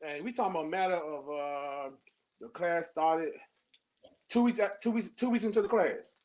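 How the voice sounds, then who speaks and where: High-voiced animated man telling a story. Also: normal speed. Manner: animated storyteller, acts out quotes. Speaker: poet, workshop student. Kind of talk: casual chat.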